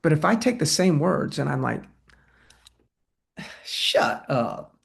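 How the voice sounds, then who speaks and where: A man teaching agents how to win listings, lively, and he acts out both sides of a talk with a client. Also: fairly high pitch, fairly quick, creaky. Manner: energetic, acts out client dialogue. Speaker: real estate trainer. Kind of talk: sales training talk.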